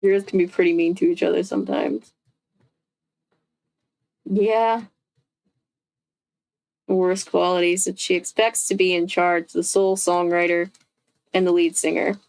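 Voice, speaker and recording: A woman's voice: fairly low pitch, level tone, unhurried, vocal fry, pauses often, a little mellow. A woman reading a book aloud, breaking off often to react and laugh. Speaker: host.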